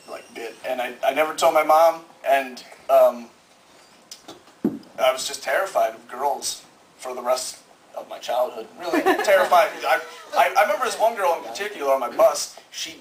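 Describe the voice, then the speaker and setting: A man's voice: a little high, a bit bright, a little hiss or hum. A young man in his late teens doing rambling stand-up comedy at an open mic, nervous and laughing at his own jokes. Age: young adult. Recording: echoey room, mic heard from far.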